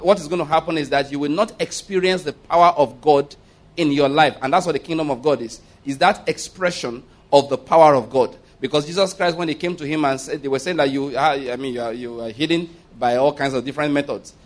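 Emphatic man preaching, fairly high voice. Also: brisk. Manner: emphatic, asks the congregation for amens, laughs mid-point. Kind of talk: sermon.

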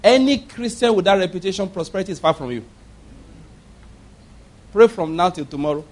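A middle-aged pastor delivering a fervent sermon. His voice sits high for a man, and he drives his points home with rhetorical questions and bursts of laughter. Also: brisk.

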